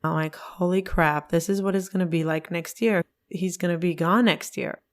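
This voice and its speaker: Woman in her forties, solo podcast host, personal storytelling, emotional, expressive. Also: lowish voice, normal speed. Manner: emotional, expressive, acts out her own past words.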